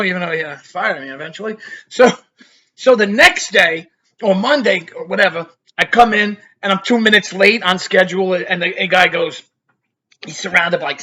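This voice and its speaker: A man spins a rambling story from his own life. His voice sits high and sounds bright and forward. He keeps tossing in "you know" and chuckling between sentences. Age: 50s. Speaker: vlogger.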